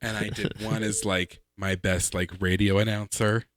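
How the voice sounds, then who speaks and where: Animated low-voiced man telling stories. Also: moderate pace, no room sound, studio quality. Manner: animated, laughs while telling anecdotes. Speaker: podcast co-host. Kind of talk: casual chat, storytelling.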